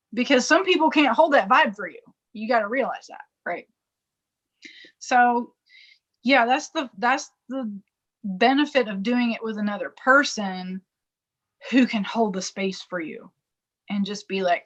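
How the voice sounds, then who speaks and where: A woman's voice: on the high side, moderate pace, fairly bright tone. A woman co-hosting a spiritual podcast in casual chat, acting out quoted inner dialogue and laughing often. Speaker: podcast co-host. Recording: dull lo-fi podcast audio.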